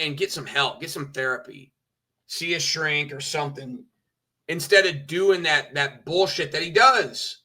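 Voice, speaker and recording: A man's voice: fairly high pitch, sharp tone. A man streaming, ranting with petty indignation, swearing and mocking others. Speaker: streamer reacting to clips. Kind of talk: ranting commentary.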